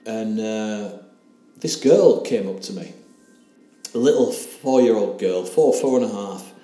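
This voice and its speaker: A man's voice: lowish voice, expressive, warm tone, faint music behind. A man, earnestly recounting a personal story as an interview guest. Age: 60s. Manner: earnest, emotional, halting retelling with quoted dialogue. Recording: roomy echo with faint background hiss.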